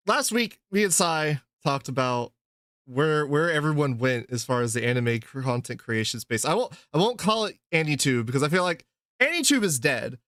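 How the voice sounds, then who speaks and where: A man's voice: fairly high pitch, animated, moderate pace, a bit bright, no room sound, clean studio sound. A man hosting a podcast in casual chat, laid-back and full of fillers, swearing now and then. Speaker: podcast host.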